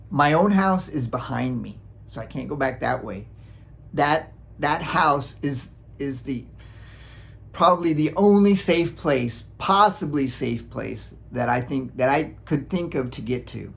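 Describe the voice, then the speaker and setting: Gravelly man telling a lively story. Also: medium pitch, unhurried. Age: adult, looking back on childhood. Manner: animated, acts out sounds, chuckles often. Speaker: vlogger. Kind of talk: casual storytelling.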